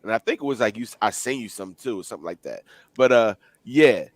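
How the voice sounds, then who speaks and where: A male co-host telling a story in casual banter, animated and laughing often. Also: on the low side, fairly quick, no echo.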